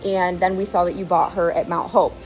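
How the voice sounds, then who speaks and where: A woman's voice: fairly low pitch, level tone, fairly quick, darkish tone, soft background music. Chatty woman telling a horse story. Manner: chatty, emphatic, lots of "like" and "okay?". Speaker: horse channel host. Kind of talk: casual vlog storytelling.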